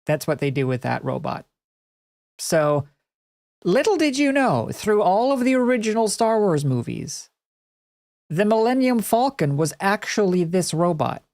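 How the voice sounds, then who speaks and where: A woman's voice: medium pitch, sing-song, unhurried, darkish tone, no room sound. A young woman streaming, giving casual, rambling, sarcastic commentary.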